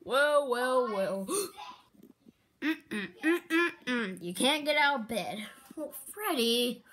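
A woman's voice: sits high, lively intonation, takes it slowly, fairly bright tone, exaggerated voice. A girl doing a bossy male bear plushie. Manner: bossy, scolding, stern. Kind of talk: home toy skit. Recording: echoey room with background noise.

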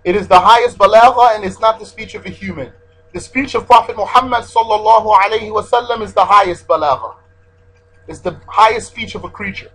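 A man's voice: sits high, brisk, fairly bright tone, husky, rough recording. A man teaching a religious lesson, repeating his key points and stressing Arabic terms as he explains.

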